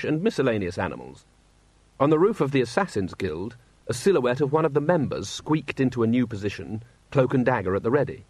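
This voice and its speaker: Guy reading an audiobook, wry steady storytelling, mid pitch, dead dry sound. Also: slightly rough, dry recording. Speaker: audiobook narrator. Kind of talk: scripted narration.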